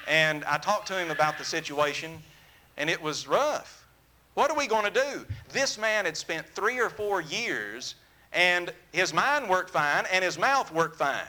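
A man preaching a sermon, telling a story in an earnest, animated way that drops to a soft, intimate tone. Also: high voice, measured pace.

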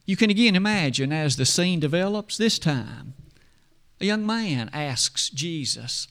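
A man's voice: a little high, animated, a little slow, a bit bright. A man preaching a sermon, telling a scene in dramatic storytelling style and reciting scripture.

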